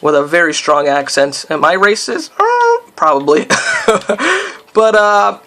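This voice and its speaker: Bright-voiced rambling gamer guy. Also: fairly high pitch, unhurried. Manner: rambling, loose talk full of fillers; breaks off into startled yelps at the game. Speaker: let's player. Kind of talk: casual gameplay commentary.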